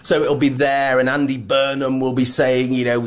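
A man's voice: medium pitch, level tone, moderate pace. A man co-hosting a casual political chat, sardonic and mocking, often restarting his sentences. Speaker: co-host.

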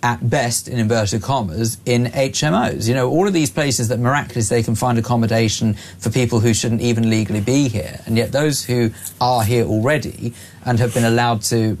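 Male radio host, forties, dry sarcastic wit, pushes his views briskly. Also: medium pitch, a little mellow. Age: 40s. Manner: brisk, sardonic, opinionated. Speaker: radio presenter. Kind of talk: talk radio discussion.

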